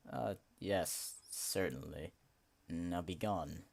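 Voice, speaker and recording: A man's voice: low voice, slow pace, creaky, full character voice. A man voicing a brusque, suspicious male character in a video game who wants an intruder gone. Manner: brusque and dismissive. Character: curt, suspicious male innkeeper's guest.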